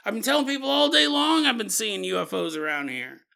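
A man's voice: high voice, fairly quick, gravelly, pushed and bright, pitched above the performer's own voice, heavily acted. A man voicing a wide-eyed drifter who talks in a laid-back, offhand way.

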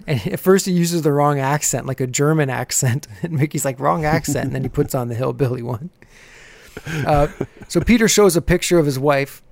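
A chatty man with a slightly raised pitch hosts a podcast, retelling scenes casually and breaking into laughs as he goes. His voice sits close and dry, with almost no room sound. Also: a little mellow, no echo. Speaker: podcast host. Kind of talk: casual episode recap.

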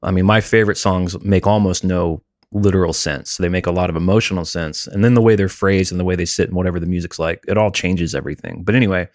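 Man, 40s, very deep voice, candid storytelling, casual podcast chat, dry close sound. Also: steady tone, quick pace, hardly any pauses, dry recording. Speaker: podcast co-host.

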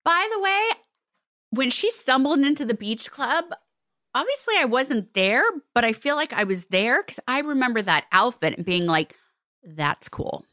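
Woman, middle-aged, casual podcast chat, animated, exclamatory, dry close sound. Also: high voice, no room sound. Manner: animated, exclamatory, with drawn-out stresses. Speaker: podcast co-host.

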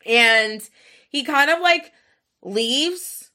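Bright-voiced young woman, profane and chatty. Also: sits high, animated, takes it slowly. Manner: frank, profane, full of "like" fillers. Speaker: podcast host. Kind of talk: casual storytelling monologue.

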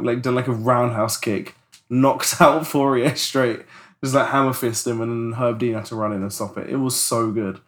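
Guy on a podcast just rambling, saying like a lot, mid-pitch voice. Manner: loose, rambling, heavy use of "like". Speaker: podcast co-host. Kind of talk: casual chat.

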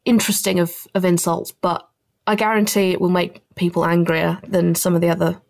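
A woman guest on a podcast, relaxed and a little hesitant, laughing easily. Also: fairly low pitch, a little fast, creaky. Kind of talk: casual chat.

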